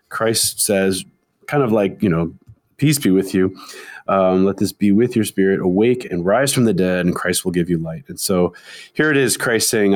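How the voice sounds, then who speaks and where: A man's voice: lowish voice, darkish tone. A man co-hosting a podcast in casual discussion, explaining a text and reading passages from it aloud. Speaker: podcast co-host.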